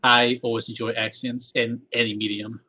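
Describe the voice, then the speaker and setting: A man with a Mexican Spanish accent, a native Spanish speaker, hosting a casual interview and pausing often to find his words. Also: medium pitch, level tone, pushed and bright, husky. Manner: halting, searching for words. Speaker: podcast host. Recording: dull lo-fi audio.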